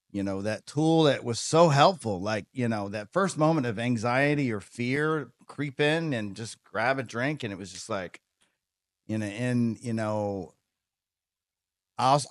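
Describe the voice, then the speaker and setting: A man hosts a podcast in a loose, rambling way, with fillers scattered through his sentences as he thinks aloud. His voice sits at a medium pitch, and the recording is dry and close. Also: no echo. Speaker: podcast host. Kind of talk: casual conversation.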